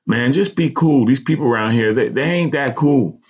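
A man's voice: mid-range voice, normal speed, husky, voice pushed up, lightly acted. A man voicing a kind, worried male meter reader who soothes an injured stranger with urgent street talk, in a storybook reading on a dull lo-fi recording. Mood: urgent, soothing.

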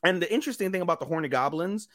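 Male podcast co-host, high voice, dry close mic, rambling profane anime recap. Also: very fast, no echo. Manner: profane, rambling, animated recapping with put-on quotes. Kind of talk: casual chat, anime recap.

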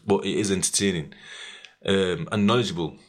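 A young man, hosting a podcast and telling a story in slangy, animated casual chat, laughing often and acting out what people said. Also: deep voice, fairly quick. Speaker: podcast host.

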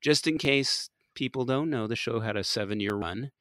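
A man's voice: medium pitch, normal speed, a bit bright, dry recording. A man co-hosting a casual podcast, playful and teasing, laughing often. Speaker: podcast co-host. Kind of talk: casual chat.

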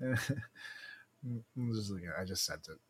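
A man's voice: sits low, animated, moderate pace, slight background noise. A man co-hosting a podcast, chatting casually, laughing often and swearing freely. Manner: giggly, laughs often while talking. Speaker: podcast co-host. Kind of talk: casual chat.

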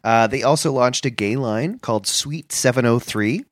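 A man co-hosting a podcast in casual comedic chat, talking deadpan and mock-earnest with halting starts. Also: mid-range voice, no room sound, studio quality. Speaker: podcast co-host.

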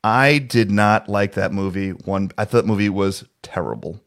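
A man's voice: lowish voice, moderate pace. A man co-hosting a casual podcast chat over a video call, rambling with many restarts. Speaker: podcast co-host.

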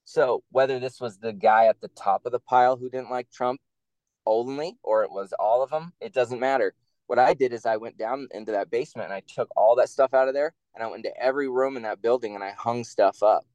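A man speaks in a dry, close recording, telling stories from his old campaign job with blunt, profane energy. His pitch sits in the middle for a man, and he gets animated and louder when he is worked up. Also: a little fast, no echo, lo-fi sound. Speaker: guest, attorney and former campaign staffer. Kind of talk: casual interview storytelling.

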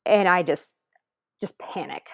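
A woman's voice: on the low side, measured pace, creaky, no room sound, studio quality. Emotional woman telling a personal story. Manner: earnest, re-enacts others' words. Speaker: interview guest.

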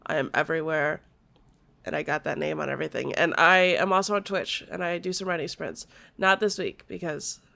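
A woman's voice: low-pitched, steady tone, fairly quick, vocal fry, pushed and bright. Congested woman hosting a chatty podcast. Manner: chatty, upbeat, giggly. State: congested, nasal from a cold. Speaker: podcast host. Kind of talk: casual podcast interview.

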